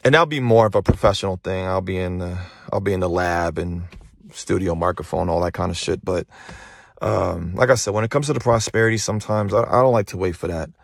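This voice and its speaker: A man's voice: low-pitched, fairly quick, gravelly, no echo, clean studio sound. Blunt, profane motivational man on a phone. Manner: profane, emphatic, repeats phrases for emphasis. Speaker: motivational podcast host. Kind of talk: casual motivational monologue. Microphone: phone held while talking.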